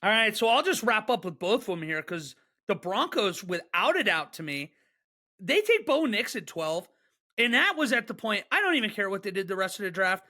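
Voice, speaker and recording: Male podcast co-host, bright and sharp-toned, excitable and quick to rant. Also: sits high. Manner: excitable, joking, fast rants. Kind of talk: casual sports chat.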